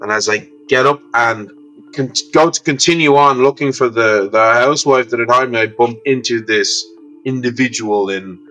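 A man's voice: mid-range voice, moderate pace, a bit bright, faint music behind, rough recording. Irish man narrating a tabletop scene. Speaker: podcast guest and game creator. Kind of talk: casual chat and in-game narration.

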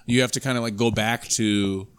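A man on a casual podcast, a guest photographer, talking in a rambling, halting way with many fillers. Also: fairly low pitch, steady tone, fairly bright tone, clean tone.

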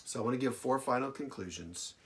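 A male pastor delivering a sermon, repeating phrases for emphasis and swinging between loud declarations and hushed lines. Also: medium pitch, quick pace. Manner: dramatic preaching, big swings from loud to hushed.

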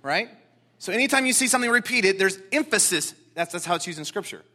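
A man preaching a sermon to a congregation in an animated, emphatic way, repeating words for stress. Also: high-pitched, fast talker. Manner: excitable, talks directly to congregation. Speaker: pastor.

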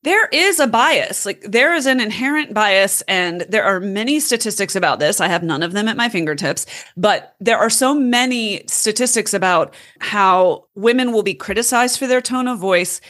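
A woman's voice: mid-range voice, lively intonation, moderate pace, a bit bright. A woman hosting a podcast interview in a chatty, self-deprecating way. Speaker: podcast host. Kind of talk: casual interview chat.

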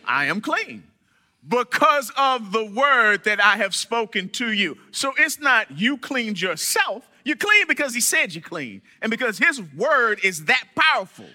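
A man preaching a sermon to his church, animated, with dramatic pauses and quoted voices. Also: very high voice. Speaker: church member giving a sermon.

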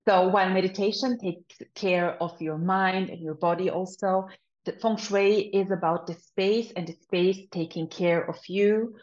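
Woman guest, calm, explanatory, slightly halting, roomy echo, muffled sound. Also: mid-range voice. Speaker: feng shui consultant guest. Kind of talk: interview answers. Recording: echoey, dull remote audio.

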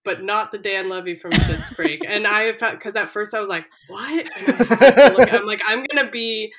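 A young woman chats casually with friends, retelling a story. She slips into the people she quotes and laughs easily. Her voice sits at an ordinary pitch for a woman. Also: moderate pace, a crowd in the background. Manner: animated storyteller, acts out quotes, laughs often. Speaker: podcast co-host. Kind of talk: casual chat, retelling a reality show.

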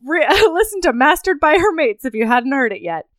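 A woman co-hosting a casual podcast, retelling a novel's plot with animated, frequent laughter and acted-out character lines. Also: high-pitched, normal speed, no room sound, clean studio sound. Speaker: podcast co-host. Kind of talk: casual chat recapping a novel.

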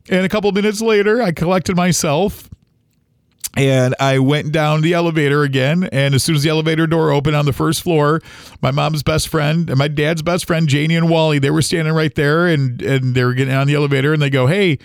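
Podcast host, middle-aged, from Ohio, personal story told haltingly, dry close sound. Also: male voice, a little high, steady tone, vocal fry, no echo. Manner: halting, emotional retelling with many restarts.

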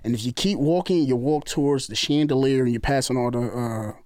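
A man from the New York area telling a long story in casual chat, animated and acting out other people's lines. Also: medium pitch, fairly quick, no echo, clean studio sound. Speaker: storyteller guest.

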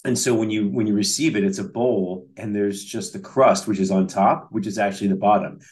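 Low-voiced man telling rambling stories. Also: steady tone, fairly quick, a little mellow. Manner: rambling storyteller with many restarts. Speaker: podcast co-host. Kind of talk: casual chat.

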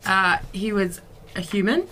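Slow, playful woman player. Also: medium pitch, lively intonation, pushed and bright, slight background noise. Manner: giggly, playful. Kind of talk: casual tabletop play.

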